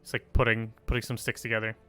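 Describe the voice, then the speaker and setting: A man's voice: lowish voice, monotone, quick pace, pushed and bright, clear, resonant tone, no room sound, soft background music. A man narrating a tabletop role-playing game as game master, in a loose, casual way. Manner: casual, many fillers.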